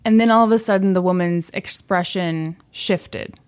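A woman co-hosting a podcast, casually telling a true crime story with animated delivery and acted-out quotes. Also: on the low side, moderate pace, clean tone. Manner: animated, acts out quoted voices, laughs often.

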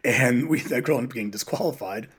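A man who coaches high school runners, a podcast guest telling stories in a casual, animated way and acting out what people said. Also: fast talker, breathy edge. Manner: animated, quotes people in dialogue. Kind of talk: casual interview storytelling.

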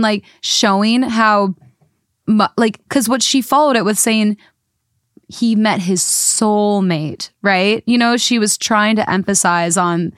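A young woman co-hosting a casual podcast, rambling in an animated way, laughing often and filling her talk with "like". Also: mid-range voice, dry recording, studio quality. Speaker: podcast co-host. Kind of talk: casual chat.

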